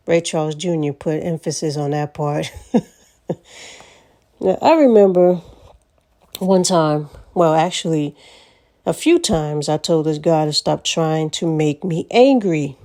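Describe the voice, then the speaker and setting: A woman's voice: lowish voice, expressive, measured pace, gravelly, warm tone. A woman vlogger telling stories in a casual monologue, blunt and profane, laughing often.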